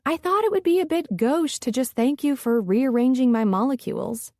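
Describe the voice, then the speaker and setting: A woman voicing a heartfelt young woman in love, earnest and expressive. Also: high voice, moderate pace, no echo, studio quality. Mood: playful.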